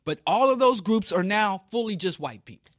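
Emphatic high-voiced man lecturing. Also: animated, normal speed, no room sound, studio quality. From Kansas City, US. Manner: emphatic, preachy, rhetorical questions. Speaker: speaker. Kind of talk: impassioned talk.

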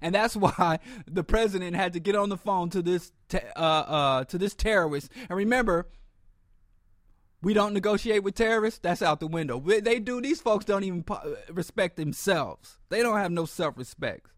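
A man with a notably high voice holds forth in a podcast monologue on politics. His delivery is blunt and sardonic, full of restarts and repeated words. The sound is dry, with no room ring. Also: lively intonation, moderate pace, dry recording. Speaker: podcast host.

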